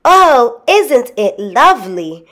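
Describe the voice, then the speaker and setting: A woman voicing an eager young boy in a storybook reading, speaking excitedly. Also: mid-range voice, slow. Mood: delighted.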